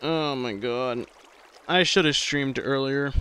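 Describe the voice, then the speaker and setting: A sleepy man chats with his live audience while he plays, drifting from thought to thought at an unhurried pace. His voice is bright and a little tense, and faint background noise sits under it. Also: mid-range voice. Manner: slow, drowsy, rambling chat with viewers. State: tired, medicated. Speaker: streamer. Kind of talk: casual gameplay live stream.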